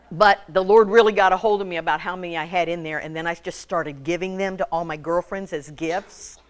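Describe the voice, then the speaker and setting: A woman's voice: lowish voice, steady tone, fairly quick, few pauses. A woman giving a humorous sermon to a women's group, joking and calling on the audience for answers. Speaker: women's ministry speaker.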